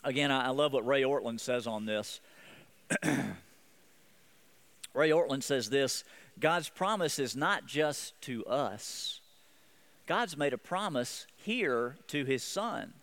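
A man's voice: mid-range voice, lively intonation, slow, pauses often, fairly bright tone. A man preaching a sermon as pastor, earnest, often repeating and restarting his phrases.

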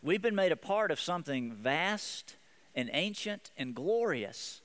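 Earnest pastor with a clear voice. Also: male voice, on the high side, sing-song, a little slow, a bit bright. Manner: earnest, repeats and restarts phrases. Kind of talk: sermon.

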